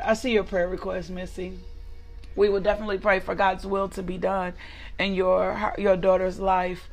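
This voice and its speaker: A woman's voice: medium pitch, little pitch movement, normal speed, faint music behind. A woman hosting a live prayer devotional, speaking emphatically with repeated praise and greeting viewers by name. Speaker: devotional host.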